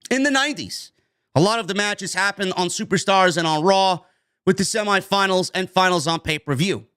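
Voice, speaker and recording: A man's voice: high voice, moderate pace, fairly bright tone, clear, resonant tone. A man hosting a wrestling news podcast, delivering an emphatic, opinionated rant and swearing freely.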